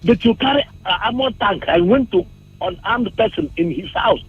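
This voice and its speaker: A man's voice: high-pitched, expressive, moderate pace, slightly rough, dry recording. A Nigerian man calling in to a radio show, agitated and repeating that he is angry. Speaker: caller. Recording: tinny phone line.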